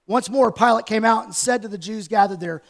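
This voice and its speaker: A pastor delivering a sermon in a church in a loose, conversational way, retelling scenes with animated asides. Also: male voice, high voice, brisk, gravelly. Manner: conversational, animated storytelling preacher. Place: church sanctuary.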